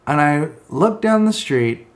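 A man's voice: fairly high pitch, animated, measured pace. A middle-aged man co-hosting a casual comedy chat, swearing and joking with big laughs. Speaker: podcast co-host.

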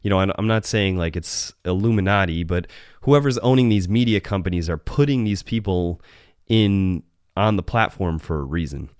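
Deep-voiced man rambling on a solo podcast. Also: moderate pace, darkish tone, no room sound, studio quality. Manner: rambling, profane, self-correcting. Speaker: podcast host.

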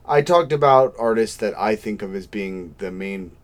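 Low-voiced man rambling about music. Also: normal speed. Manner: rambling, self-deprecating music enthusiast. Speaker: podcast co-host. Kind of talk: casual chat.

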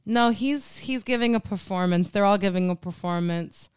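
A woman's voice: medium pitch, normal speed, smooth, no echo, studio quality. Giggly woman co-hosting a podcast. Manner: giggly, rambling retelling with silly voices. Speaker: podcast co-host. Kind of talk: casual movie chat.

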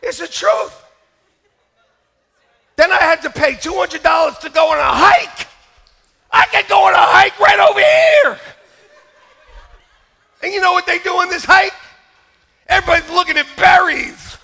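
A very high-pitched man preaching to his church with a bright, gravelly edge to his voice. He tells funny stories with wide swings in pitch and often bursts into loud shouts. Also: a little slow, pauses often. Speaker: pastor. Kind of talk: comic storytelling sermon. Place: church service.

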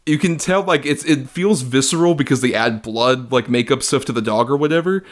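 A man's voice: mid-range voice, fairly quick, background noise. A man co-hosting a podcast, chatting casually about a film, laughing often, swearing, and acting out quotes from it. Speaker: podcast co-host.

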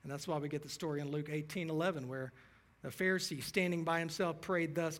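A man's voice: a little high, steady tone, a little fast, a bit bright. A man preaching a sermon as pastor, earnest, reading scripture passages aloud.

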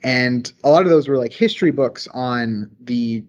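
On a casual podcast, a young engineer in his twenties from the rural American South tells stories in his Southern accent, eager, enthusiastic, and rambling. His medium-pitched voice is a little mellow and moves at normal speed, though the audio sounds dull.

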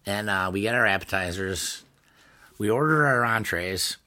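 A man's voice: fairly low pitch, normal speed, pushed and bright. A young man from the Niagara Falls area telling a dinner story in casual podcast chat, laughing often and acting out quotes. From Niagara Falls area, New York. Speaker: podcast co-host.

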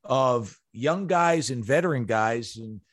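A man's voice: medium pitch, lively intonation, takes it slowly. Host, man, mid-range voice, enthusiastic interviewer filling in context. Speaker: podcast host. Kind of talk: casual interview.

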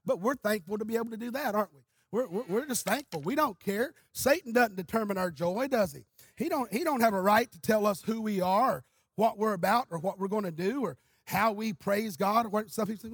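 A male pastor preaches, weaving stories into his sermon and building toward shouted exhortations. His voice sits unusually high for a man and has a husky grain. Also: fairly quick, no room sound. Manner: storytelling, rising to shouting.

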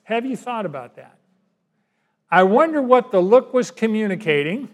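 A man's voice: high-pitched, big pitch swings, moderate pace. A man, a pastor, preaching a sermon in a folksy, conversational way.

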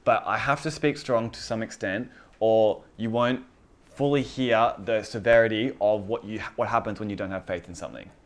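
A man's voice: on the low side, steady tone, normal speed. A man preaching a casual sermon to a small group, earnest and conversational, often repeating himself. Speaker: pastor.

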